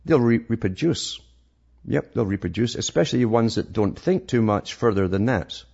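Reading through news articles, this talk host rambles sarcastically in a fairly low, slightly mellow voice with vocal fry and some breathiness. He moves at a moderate pace and often starts his sentences over. The audio is dull, lo-fi quality.

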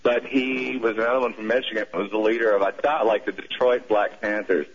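A man's voice: on the low side, fairly even intonation, fairly quick, slightly rough. A man from the southern United States with a Southern accent, calling in to a radio show and rambling with many restarts. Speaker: caller. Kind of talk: call-in radio conversation. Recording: muffled radio broadcast audio.

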